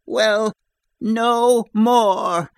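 A man voicing a vengeful, unhinged middle-aged woman whose voice rises into a shrill, angry shout. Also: fairly even intonation, very slow, no echo, clean studio sound, heavily acted. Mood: screaming.

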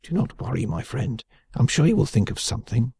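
A man doing a raspy, wheedling old prisoner. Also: medium pitch, big pitch swings, a little fast, warm tone, no echo, studio quality, voice pushed up, full character voice. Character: frail, cackling old male prisoner. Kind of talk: audiobook character voice.

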